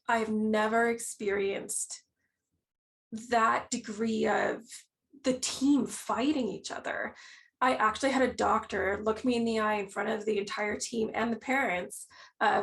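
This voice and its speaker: A woman in her thirties tells her story as a podcast guest, her voice sitting a little high and full of gravelly fry. She talks in a casual, animated way. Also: moderate pace. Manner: animated, acts out quoted reactions.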